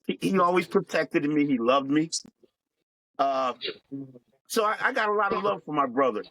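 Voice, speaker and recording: A middle-aged man telling his life story as a guest, in a plain, reflective, unhurried way. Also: a little high, animated, a bit bright, low-quality recording. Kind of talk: personal storytelling.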